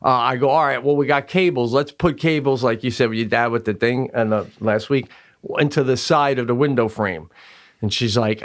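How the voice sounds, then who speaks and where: A man co-hosting a podcast, telling a long, rambling family story with lots of fillers and swearing, and jumping up into loud voices when he acts out quotes. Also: mid-range voice, moderate pace. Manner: animated, raises voice sharply when acting out quotes. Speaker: podcast co-host. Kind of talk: casual storytelling chat.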